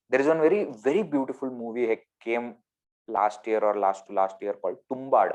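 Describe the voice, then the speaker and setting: A man with an Indian English accent giving a spiritual discourse over a video call, animated and full of rhetorical questions. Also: mid-range voice, fairly quick. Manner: animated, rhetorical questions, swings between loud and soft. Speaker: spiritual teacher.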